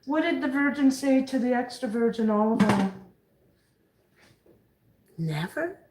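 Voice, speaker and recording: A woman's voice: on the high side, expressive, a little slow, a little mellow, slight background noise. A woman chatting and joking with her viewers while she cooks in her kitchen. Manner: chatty, jokey, talks to viewers while cooking. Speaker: vlogger cooking on camera. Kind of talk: chatty cooking vlog.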